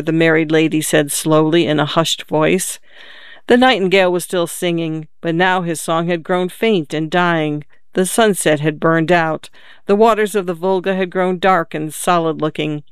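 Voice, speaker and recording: Smooth-voiced man reading a story. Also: a little high, no echo, clean studio sound. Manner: measured, steady storytelling with lightly voiced dialogue. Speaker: narrator. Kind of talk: audiobook reading of classic fiction.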